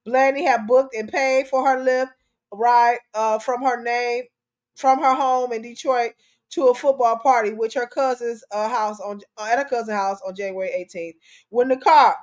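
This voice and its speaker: A woman's voice: a little high, steady tone, normal speed. A middle-aged woman hosting a talk show, giving emotional commentary on a news story, preachy and impassioned and repeating herself.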